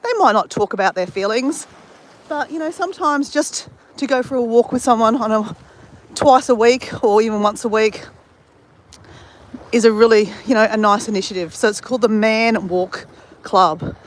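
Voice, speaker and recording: A woman's voice: fairly high pitch, moderate pace. An Australian woman chatting to her live-stream viewers while she walks along a beach at sunrise. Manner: chatty, greets viewers, talks while walking. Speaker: livestream host. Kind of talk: casual live-stream chat while walking. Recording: faint outdoor background noise.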